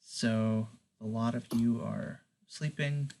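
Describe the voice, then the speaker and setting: Slow-talking man running a tabletop game. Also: medium pitch, fairly even intonation, a little mellow. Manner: slow, halting narration with many fillers. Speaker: game master.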